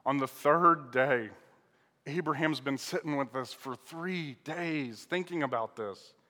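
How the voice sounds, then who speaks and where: A man's voice: medium pitch, pushed and bright, big-room sound. A man preaching a sermon to a live congregation, reading scripture and asking emphatic, dramatic rhetorical questions. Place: church hall with an audience.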